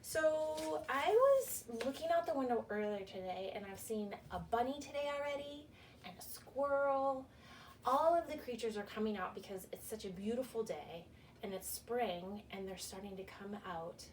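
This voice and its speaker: A woman's voice: on the high side, animated, moderate pace, distant mic, slight background noise. A young woman, a children's librarian, leading a cheerful virtual story time with sing-song questions for kids.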